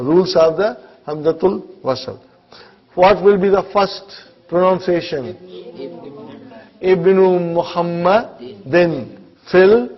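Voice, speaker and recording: A man teaching an Arabic class, slowly drilling pronunciation with students and encouraging them between phrases. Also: sits high, husky, muffled recording. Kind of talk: classroom lesson with live students.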